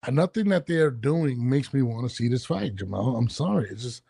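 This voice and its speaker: A man's voice: medium pitch, animated, brisk, creaky, warm tone, slightly rough, no echo. A man hosting a podcast, talking bluntly and grumbling with frequent swearing. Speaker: podcast host. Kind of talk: casual chat.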